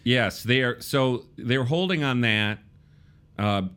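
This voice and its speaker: A man's voice: mid-range voice, slow pace, fairly bright tone, clear, resonant tone. A man hosting a casual political talk show, wry and conversational, often restarting his sentences. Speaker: podcast host.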